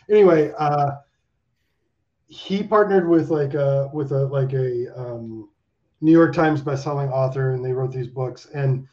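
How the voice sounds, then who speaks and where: A man talking in a casual video-call chat, animated and rambling, swearing freely with lots of fillers. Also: fairly high pitch, highs cut off. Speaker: animation director, guest.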